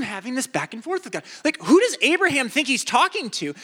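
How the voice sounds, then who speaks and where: A young man preaching a sermon, animated and acting out the people in his stories. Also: extremely high pitch, brisk, hardly any pauses. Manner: animated, acts out voices in stories. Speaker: pastor. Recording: echoey hall.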